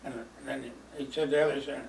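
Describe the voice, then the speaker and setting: A man's voice: mid-range voice, steady tone, brisk, vocal fry, slight background noise. An older man telling memories from his youth in a rambling, chuckling way, with many fillers. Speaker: storyteller. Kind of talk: reminiscing oral history. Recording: roomy, distant mic, faint ambience.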